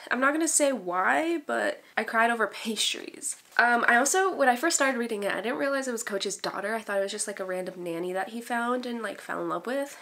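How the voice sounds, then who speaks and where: A woman's voice: fairly high pitch, expressive, a little fast, gravelly, bright, forceful tone. A young woman chatting casually on a book vlog, gushing and giggly as she talks. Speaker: book vlogger.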